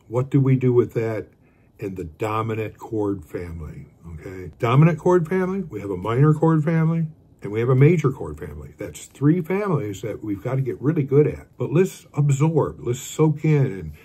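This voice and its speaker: Relaxed older man teaching guitar. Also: medium pitch, breathy edge. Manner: relaxed, rambling, counts beats aloud while playing. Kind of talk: casual guitar lesson.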